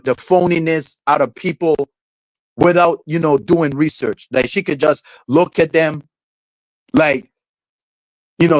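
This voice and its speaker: A man's voice: on the high side, dry recording, rough recording. A man streaming live, ranting in a rambling way, repeating words, filling gaps with "like" and "you know", swearing casually and laughing often. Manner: rambling, repeats words, heavy fillers like 'like' and 'you know'. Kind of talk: rambling livestream rant.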